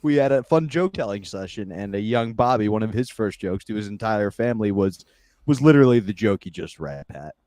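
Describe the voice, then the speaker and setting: A man's voice: on the low side, expressive, brisk, a little mellow, no echo, studio quality. A man co-hosting a casual comedy podcast, chiming in with wry, crude commentary and anecdotes. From United States. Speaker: podcast co-host.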